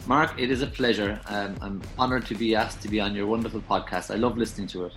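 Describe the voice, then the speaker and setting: Halting Irish man, podcast guest. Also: lowish voice, steady tone, fairly bright tone, soft background music. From Ireland. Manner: halting, with many restarts and fillers. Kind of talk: casual interview chat.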